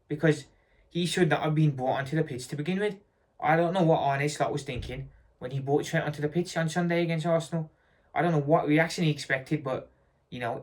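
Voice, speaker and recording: A man giving a blunt, repetitive fan rant about football, hammering his points home. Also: on the high side.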